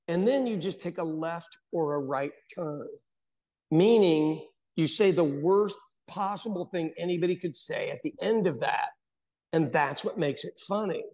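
An American man hosting a casual chat, an animated storyteller who mimics voices in his anecdotes. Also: on the high side. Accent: General American. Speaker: podcast host.

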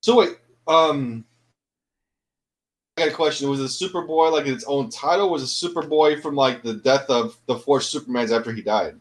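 A man's voice: medium pitch, normal speed. A man co-hosting a podcast, chatting casually and asking questions. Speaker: podcast co-host. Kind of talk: casual chat.

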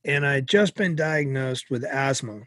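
A middle-aged man from Massachusetts, an interview guest telling a personal story in an animated way. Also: mid-range voice, normal speed, dry recording, clean studio sound.

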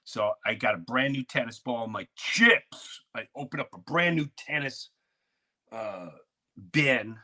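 Animated, bright-voiced man telling stories. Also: medium pitch, moderate pace. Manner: animated, acts out shouted quotes. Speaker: podcast host. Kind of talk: storytelling in casual chat.

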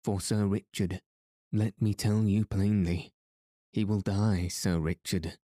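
A man's voice: lowish voice, steady tone, slow, dark tone, dry recording, studio quality. A man reading the lines of a stern, hunchbacked medieval duke in a harsh, curt way.

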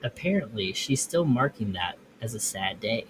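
A man's voice: fairly low pitch, animated, moderate pace, noisy background. A man hosting a podcast, reading ghost stories aloud and breaking off into offhand comments. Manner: reads text, then breaks off into offhand comments. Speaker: podcast host.

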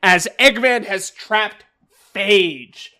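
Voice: mid-range voice, drawn-out words, pushed and bright. A podcast co-host casually recapping a comic story with wry comments.

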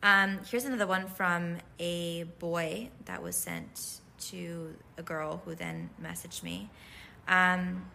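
A woman's voice: on the low side, expressive, slow, gravelly, bright, forceful tone, a little hiss or hum. A woman hosting a casual chat as she introduces love letters sent in by viewers, talking loosely with lots of fillers. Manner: chatty, loose, full of "like" and "um". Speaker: host reading out fan love letters.

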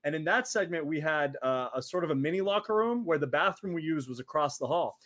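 A man in his twenties, an interview guest telling stories in a lively way, acting out quotes and laughing often. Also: a little high, a little fast. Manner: animated, acts out quoted voices, laughs often. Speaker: interview guest, former wrestler. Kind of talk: casual storytelling.

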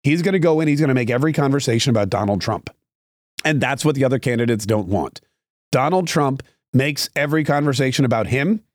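A man's voice: mid-range voice, animated, fast, no echo. A man hosting a political podcast, giving sarcastic, rambling opinion commentary with frequent restarts.

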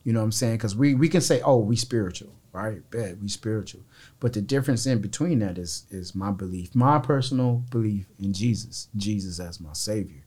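A man's voice: on the low side, animated, a little fast, few pauses, a little mellow, slightly rough. A man hosting a podcast, asking questions in a casual, slang-filled way. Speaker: podcast host. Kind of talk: casual interview chat.

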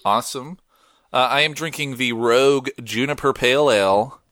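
A man hosts a podcast, chatting casually in a laid-back, slangy way, his pitch swinging up when he gets excited. He talks at normal speed, with no echo and studio-quality sound.

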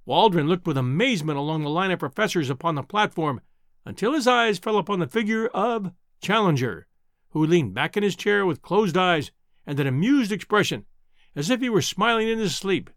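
A man narrating a classic novel in a measured, expressive audiobook style. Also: high-pitched, no room sound, clean studio sound. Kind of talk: audiobook storytelling.

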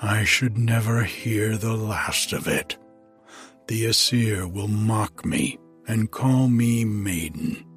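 A man voicing a mighty, angry thunder god who roars his words slowly in a storybook reading. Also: lowish voice, faint music behind. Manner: roaring, slow and forceful.

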